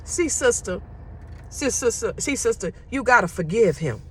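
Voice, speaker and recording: A woman voicing a smooth-talking male pastor who coaxes people into forgiving and hugging. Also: a little high, expressive, normal speed, a bit bright, a little hiss or hum, voice pushed down. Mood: coaxing. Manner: coaxing, preachy.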